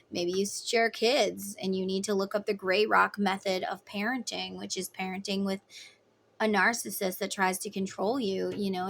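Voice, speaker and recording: A woman's voice: mid-range voice, gravelly, a bit bright, slight background noise. A woman giving a casual tarot reading, talking in an emphatic, chatty way. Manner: emphatic, chatty, acts out voices in quotes. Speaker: tarot reader.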